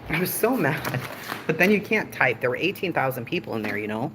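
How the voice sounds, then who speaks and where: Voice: mid-range voice, big pitch swings, a little fast, noisy background. A livestream host in casual commentary, snarky and profane, laughing often.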